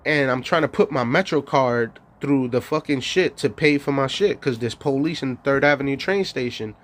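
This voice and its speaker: A man giving a rambling, profane monologue as a streamer, bragging and laughing often between lines. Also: medium pitch. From New York.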